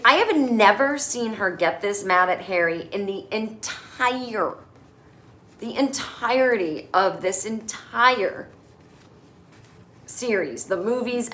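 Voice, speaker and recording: A middle-aged woman hosting a casual comedic recap, sarcastic and animated, quick to mimic characters in exaggerated voices. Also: mid-range voice. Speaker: podcast host recapping a TV episode.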